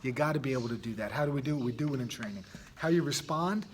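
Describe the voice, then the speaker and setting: A man's voice: medium pitch, lively intonation, quick pace, slight background noise. A man hosting a podcast and coaching youth sports. He talks earnestly in a loose, casual monologue, restarting sentences and adding "right?" often.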